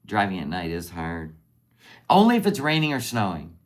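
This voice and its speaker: A middle-aged woman hosts a casual livestream in a bass, sing-song voice at normal speed. She speaks tenderly and with open emotion, rambling and letting sentences trail off partway.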